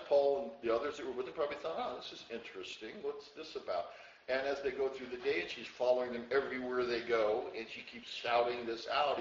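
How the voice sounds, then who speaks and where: A man gives a verse-by-verse sermon in a loose, conversational teaching style. He gets louder when he quotes a verse and drops low for asides. The audio is roomy and a little dull, with faint ambience behind him. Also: a little hiss or hum. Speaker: preacher.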